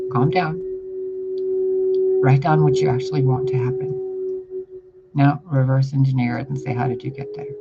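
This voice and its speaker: A man delivering a casual channeled spiritual message, rambling and blunt, with casual swearing. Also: mid-range voice. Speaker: spiritual reader. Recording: dull lo-fi audio with loud background noise.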